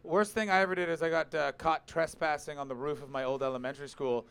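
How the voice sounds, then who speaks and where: A man doing stand-up, bantering with the crowd and telling a profane story in a brash, quick manner on a club stage mic. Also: a little high, fairly even intonation, creaky, a bit bright, clean tone.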